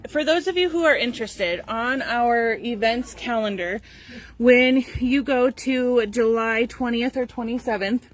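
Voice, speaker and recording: A woman on the staff of a sewing store hosts a casual live video, reading out class details in a chatty, filler-heavy way. Her voice is a little high and her pace measured.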